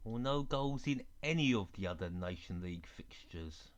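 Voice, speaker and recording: This Englishman's accent blends London and Dublin, and his low-pitched voice is animated at a moderate pace. He's doing casual live-stream football commentary, chatting with viewers and reading their messages between plays.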